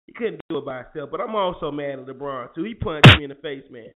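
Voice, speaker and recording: Over tinny, phone-like audio with faint music and heavy noise, a man hosting a morning show rants about sports. His fairly high voice is lively and fast, and the casual rant is heated, profane, and repetitive.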